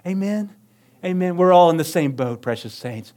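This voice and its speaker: A man preaching a sermon in church, asking rhetorical questions, calling for amens and swinging from hushed tones to raised, emphatic lines. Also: high-pitched, expressive, normal speed. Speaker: pastor. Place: church sanctuary.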